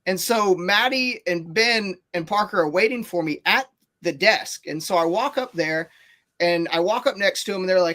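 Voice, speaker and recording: A man telling a long story on a casual podcast, animated and rambling, with many fillers and restarts. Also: high voice, normal speed.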